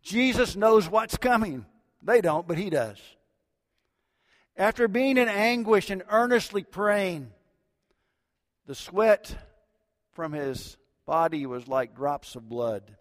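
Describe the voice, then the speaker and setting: A middle-aged man preaching a sermon as a pastor, swinging between loud emphatic lines and hushed low ones. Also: slow, long pauses. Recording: long hall reverb.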